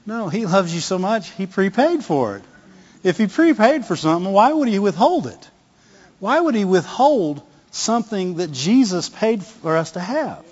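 A man's voice: high-pitched, very animated, moderate pace, darkish tone, breathy edge. A middle-aged male pastor giving a conversational sermon, often repeating words and asking the congregation "Amen?". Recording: long hall reverb, dull lo-fi sound.

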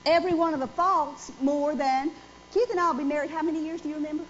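High-voiced woman preaching a sermon. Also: fairly even intonation, fast talker. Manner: emphatic, asks the congregation questions. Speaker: pastor. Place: church. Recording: dull lo-fi sound with faint noise.

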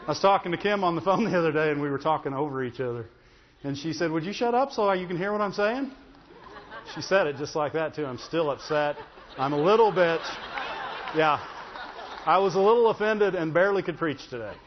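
A man's voice: a little high, brisk, a faint crowd, a little hiss or hum. A man preaching a sermon as pastor. He is emphatic and conversational, with joking asides and calls for an "amen" from the congregation. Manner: emphatic preaching with audience call-outs. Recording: echoey hall, dull lo-fi sound.

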